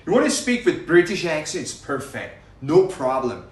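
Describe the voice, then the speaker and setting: Energetic Persian-accented English teacher drilling. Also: male voice, on the high side, brisk, far from the mic. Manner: energetic, emphatic, repeats words for students to echo. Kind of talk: classroom pronunciation drill. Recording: roomy, speaker away from the mic.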